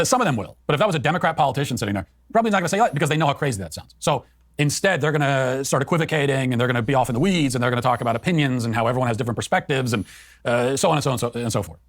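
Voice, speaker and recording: Fast-talking man, dry close sound. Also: mid-range voice, animated, no echo. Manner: fast, emphatic, argumentative. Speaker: co-host. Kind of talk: political commentary.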